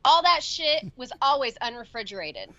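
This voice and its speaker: Bright high-voiced chatty woman. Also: big pitch swings, normal speed, dry recording. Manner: chatty, crude humor. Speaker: podcast co-host. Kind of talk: casual movie chat. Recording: dull lo-fi audio.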